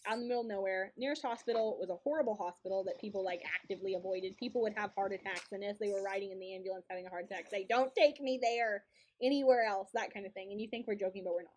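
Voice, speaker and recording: This young woman streams a game while chatting casually, her medium-pitched voice steady, a little mellow, and rapid-fire with few pauses. As co-host, she tells a story full of laughs and repetition, with slight background noise.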